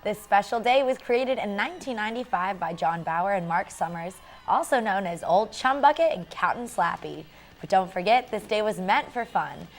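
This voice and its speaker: A woman's voice: mid-range voice, animated, moderate pace. A young woman co-anchoring a student newscast in a light, chatty way. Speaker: news anchor.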